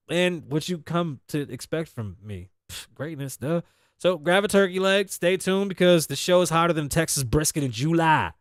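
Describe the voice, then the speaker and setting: A man's voice: fairly high pitch, animated, brisk, no room sound, clean studio sound. A man hosting a talk show, delivering a loose, joking monologue full of profanity and asides. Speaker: host. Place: studio.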